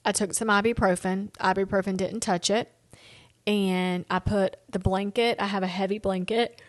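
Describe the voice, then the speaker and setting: A woman's voice: mid-range voice, fairly even intonation, moderate pace, dry recording. Chatty woman with a dry voice. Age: middle-aged. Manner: chatty, rambling, talks straight to listeners. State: yawning, tired. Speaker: podcast host. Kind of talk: casual solo podcast storytelling.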